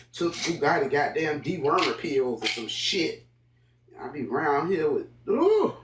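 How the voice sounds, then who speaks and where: A woman with a lowish voice talks casually and profanely to her live-stream viewers, addressing her chat directly and drifting from one thing to another. There's background noise in the recording.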